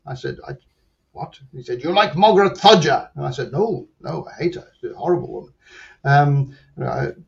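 Reflective man, gravelly, muffled. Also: mid-range voice, a little mellow. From Britain. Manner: reflective, halting, many restarts and fillers. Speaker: interview guest. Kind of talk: personal storytelling in an interview. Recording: muffled lo-fi sound.

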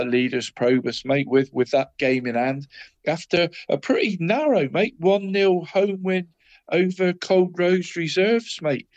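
A man co-hosting a local football podcast, chatting casually with many restarts and "mate" after nearly every phrase. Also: a little high. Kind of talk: casual chat.

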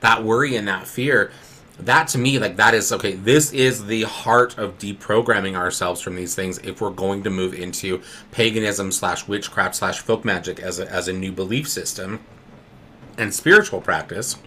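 Podcast co-host, male, low but bright voice, rambling delivery, faint noise behind. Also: normal speed. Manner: rambling, restarts, many "right?" tags. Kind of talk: casual podcast conversation.

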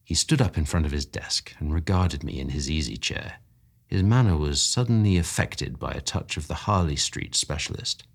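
A man reading a classic story aloud in a measured, expressive narration. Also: rumbling low, gravelly, husky. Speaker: story reader. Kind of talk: audiobook narration.

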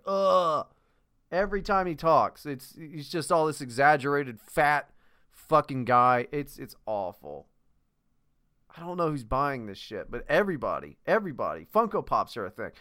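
A man's voice: fairly high pitch, very animated, moderate pace, fairly bright tone. A man co-hosting a podcast in casual, profane, rambling chat, often breaking into laughter. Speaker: podcast co-host.

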